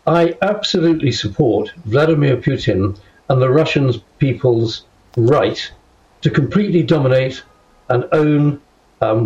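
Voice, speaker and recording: A man's voice: medium pitch, a little mellow, highs cut off. An older man, a guest in a studio interview, speaking firmly and measuredly and stressing key words. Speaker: guest commentator.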